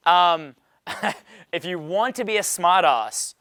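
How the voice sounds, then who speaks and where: Brash man coaching, bright voice. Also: high-pitched, animated, slow pace, no echo. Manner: brash, profane, laughs often. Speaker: dating coach. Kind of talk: live seminar Q&A.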